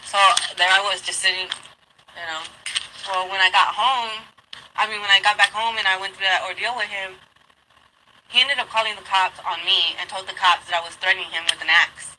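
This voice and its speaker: A woman telling her own story in an interview, swearing constantly and replaying old arguments in a heated rush. Her voice is very bright and sharp at the edges. A faint noise runs under the recording. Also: mid-range voice, steady tone, brisk, low-quality recording. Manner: profane, heated retelling with quoted outbursts. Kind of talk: candid personal storytelling.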